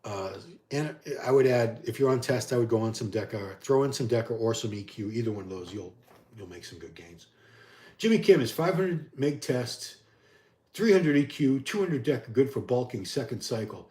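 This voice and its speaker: A man's voice: medium pitch, expressive, normal speed, mellow, echoey room. A middle-aged man hosting a casual live stream from home, reading out viewers' questions and answering them conversationally. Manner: conversational, answers chat questions one by one, frequent restarts.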